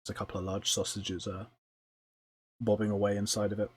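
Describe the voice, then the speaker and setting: A man with a fairly low voice narrates a tabletop game as its game master, lingering over details and filling pauses with ums and uhs. A faint hiss of noise sits under his voice. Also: monotone. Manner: descriptive, with frequent ums and uhs.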